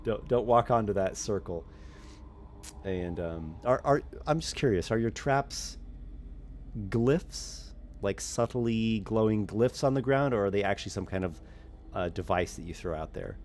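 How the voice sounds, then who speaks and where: Halting male game master. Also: fairly low pitch, a little hiss or hum. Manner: halting, with frequent restarts and soft laughs. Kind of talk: narrating a tabletop game.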